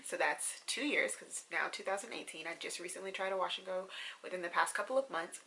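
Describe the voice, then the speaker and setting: A young woman talks casually to her camera in a rambling, filler-laden vlog. Her voice is bright and forward, with a gravelly fry running through it, and she turns tearful and gushing as she goes. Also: on the low side, slight background noise. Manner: chatty and rambling with many fillers. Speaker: vlogger.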